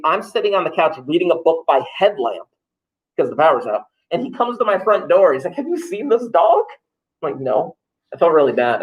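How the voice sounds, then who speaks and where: A wry male math teacher, talking to his class in a casual, joking way. His voice sits a bit high for a man, and he tosses in offhand, self-mocking asides. He is recorded in a classroom. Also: highs cut off. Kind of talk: classroom talk to students, livestreamed.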